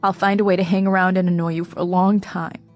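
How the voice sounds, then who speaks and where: Woman reading as a gravely ill young man, calm and steady, speaking in a lowish, quiet voice. he keeps his words even and subdued, with a faint guitar under the audiobook reading. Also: fast talker, close to an everyday voice. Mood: resolute.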